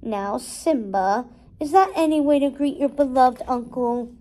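A woman's voice: high-pitched, expressive, unhurried, dark tone. A woman reading as Scar, a drawling villainous lion. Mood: sly. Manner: drawling, smooth and mocking. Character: scheming villainous male lion uncle. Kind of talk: storybook read-aloud.

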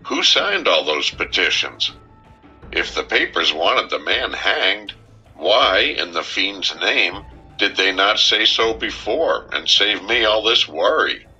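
A man's voice: low voice, very animated, takes it slowly, sharp tone, husky, pitched above the performer's own voice, exaggerated voice. A male narrator voicing a bewildered state governor who sounds exasperated and then conspiratorial. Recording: dull, muffled recording with faint music.

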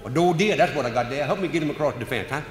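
A man playing a sly Cajun swamp hunter who speaks halting, broken English with a Cajun accent. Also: fairly high pitch, lively intonation, lightly acted. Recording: roomy live hall recording, faint noise.

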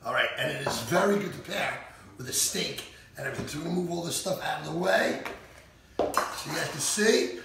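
A man's voice: fairly high pitch, a little fast, gravelly, very noisy. A man hosting a live cooking show, upbeat and jokey, chatting while he eats. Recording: echoey room from far off.

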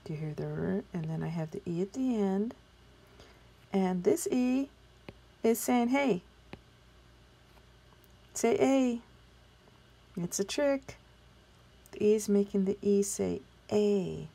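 Slow, gravelly-voiced woman teaching spelling. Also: medium pitch, animated, dark tone. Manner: patient and encouraging, sounding words out slowly, asking the class questions; sometimes drops into whispers while writing. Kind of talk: spelling lesson for young children.

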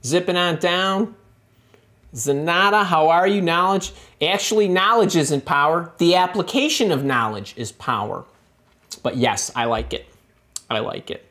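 A middle-aged man hosting a live career-coaching stream, answering viewer comments in an animated, emphatic way with frequent repeated words and restarts. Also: a little high, unhurried.

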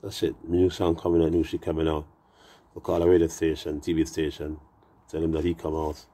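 A man's voice: a bass voice, completely flat delivery, fairly quick, warm tone. A Jamaican man in his sixties, telling rambling, profane, boastful stories in a casual live-stream chat. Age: 60s.

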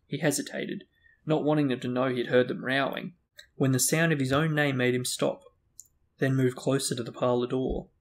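Man, novel read-aloud, relaxed, casual. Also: mid-range voice, moderate pace. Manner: relaxed reading, stops for slips. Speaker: book reader and discussion host.

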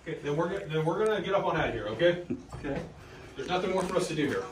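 A male police officer speaking firmly and quickly, brushing off a complaint. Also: a little high, animated. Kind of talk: on-duty exchange. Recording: busy crowd noise behind.

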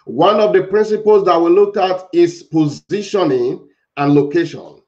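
A man's voice: high voice, lively intonation, normal speed, darkish tone. A man, a pastor leading a congregation in fervent, repetitive prayer, at times speaking in tongues. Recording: lo-fi dull recording.

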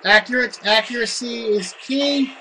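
A player giving casual commentary while playing a shooting game, muttering at setbacks and bursting into triumphant shouts. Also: medium pitch, unhurried, slight background noise, rough recording.

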